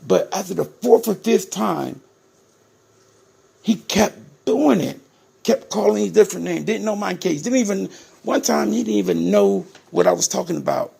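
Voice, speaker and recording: A middle-aged man from Ohio speaks in a gravelly, husky voice that sits a touch high for a man. He talks straight to his viewers in a casual, emphatic monologue, circling back and repeating his points as he tells his story. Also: moderate pace, warm tone. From Ohio, USA. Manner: emphatic and repetitive, addresses viewers as "people". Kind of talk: casual direct-to-camera monologue.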